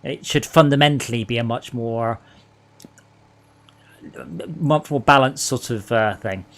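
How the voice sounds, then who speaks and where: A man from England with a medium-pitched voice hosts a late-night gaming stream at a measured pace. He rambles and tells jokes in casual chat, an animated storyteller.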